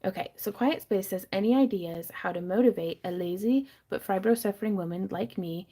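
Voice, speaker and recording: A woman's voice: mid-range voice, a little fast, warm tone. A woman, hosting a casual livestream sale from her home craft room, chatty and rambling, reading viewer comments and laughing often.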